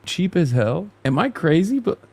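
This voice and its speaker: Sarcastic streamer dude mocking clips, kinda high voice, swears a lot. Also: male voice, big pitch swings, normal speed, darkish tone, no room sound. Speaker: live stream host. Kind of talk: casual stream commentary.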